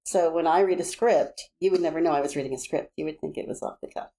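Mellow low-voiced woman with a Kentucky accent. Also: fast. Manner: easygoing, laughs readily, matter-of-fact. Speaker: guest, actress. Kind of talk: casual podcast chat.

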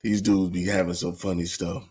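A man's voice: low voice, little pitch movement, moderate pace, a little mellow, breathy edge. A man hosting an informal online show, talking casually to his viewers, laid-back and slangy. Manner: laid-back, laughing often, slangy asides.

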